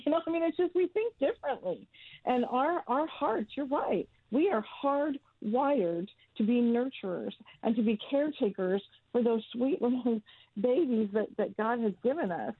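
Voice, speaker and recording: A woman's voice: on the high side, animated, moderate pace, husky, no room sound. A woman in her fifties, a guest founder speaking earnestly and emphatically in an interview. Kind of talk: interview, advocacy talk. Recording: tinny phone-like line, dry.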